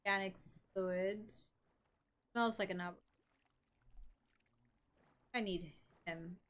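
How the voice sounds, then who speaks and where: A woman streams a game with casual commentary. She reacts animatedly and stumbles through reading on-screen text aloud. Her voice sits at an ordinary middle pitch. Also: steady tone, very slow, a bit bright.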